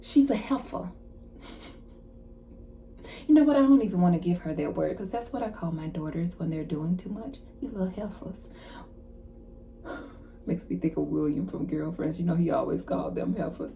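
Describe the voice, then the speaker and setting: A woman card reader giving a casual channeled message, retelling a story in an animated way with slang and asides. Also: on the low side, normal speed, creaky, long pauses.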